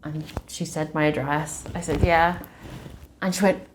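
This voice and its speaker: Low-voiced woman telling her story. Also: fairly even intonation, a little slow, background noise. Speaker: tarot reader and channel host. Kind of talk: emotional personal storytelling to camera.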